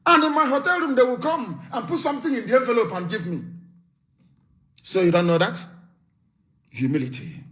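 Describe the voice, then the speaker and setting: A man's voice: extremely high pitch, expressive, normal speed, pauses often, fairly bright tone. A man giving a live political broadcast speech as an activist leader, fiery, scornful and emphatic, repeating his warnings. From Nigeria.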